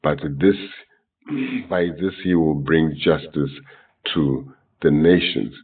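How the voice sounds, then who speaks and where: A man teaching from the Bible, reading verses from different translations in an unhurried, halting way, with many fillers, self-corrections and throat-clearing. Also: rumbling low, animated. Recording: distant, tinny phone-like sound.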